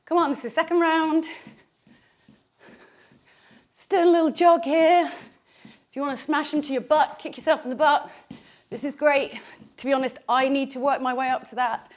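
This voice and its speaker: Her voice sits high and steady, moving fairly quickly as she gives workout instruction during a bodyweight session. Breathing hard from the exercise, this fitness instructor stays chatty and encouraging, leaning on "like" and "okay."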